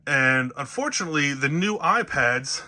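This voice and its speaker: A man with a New Jersey accent talks in a bright, forward voice that sits a little high, and he rambles cheerfully with plenty of ums and uhs. He is filming himself on a handheld camera inside a travel trailer, showing off his gear. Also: animated, normal speed. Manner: rambling, filler-heavy, upbeat. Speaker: RV vlogger. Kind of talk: casual show-and-tell vlog.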